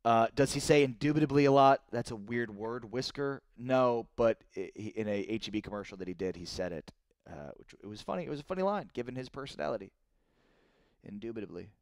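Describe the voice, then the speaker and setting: Getting worked up over trades, a thirtysomething sports talk host reads viewer comments on his livestream, excitable and rising sharply in pitch whenever he's indignant. His smooth, medium-pitched voice moves briskly in a dry recording.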